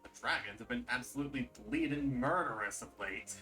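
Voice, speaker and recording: A man voicing a blunt, gruff rustic hunter chief who talks in a folksy, colloquial way. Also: medium pitch, lively intonation, fairly quick, pushed and bright, faint music behind.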